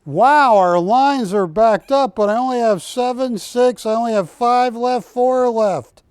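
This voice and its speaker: A man's voice: very high-pitched, measured pace, darkish tone, smooth, no echo, clean studio sound. An older man hosting a live shopping show, joking with staff and urging callers on. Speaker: shopping channel host. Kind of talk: live TV sales pitch. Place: TV studio.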